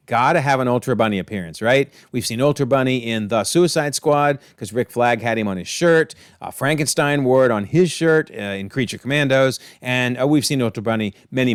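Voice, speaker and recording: A man's voice: medium pitch, dry recording, clean studio sound. A man hosting a casual, enthusiastic episode breakdown, chatting through scenes and quoting lines. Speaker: video essay host.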